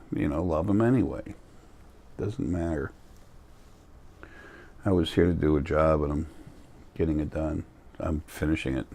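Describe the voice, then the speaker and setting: A man with a very deep, low-pitched voice talks straight to camera in a loose, rambling monologue. He sounds tired, blunt and defiant, brushing off criticism in plain words. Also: moderate pace, gravelly, long pauses, darkish tone. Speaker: vlogger.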